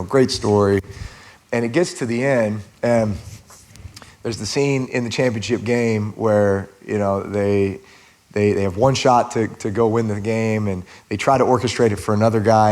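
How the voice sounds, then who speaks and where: A middle-aged man from Texas, a guest in a casual chat, telling stories in a lively way and laughing often. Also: on the low side, fairly quick.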